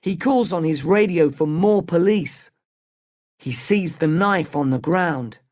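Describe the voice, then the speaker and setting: A storybook narrator reading at a slow, deliberate pace, each sentence clear and separate. The pitch sits in the middle range with a steady delivery. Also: no room sound, studio quality. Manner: slow, clear, evenly paced.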